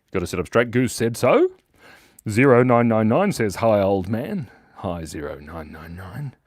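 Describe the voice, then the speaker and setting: A man's voice: on the low side, very animated, measured pace, a little mellow, no echo. A man hosting a live children's drawing lesson, playful and jokey, reading viewers' chat aloud as he draws. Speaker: drawing show host.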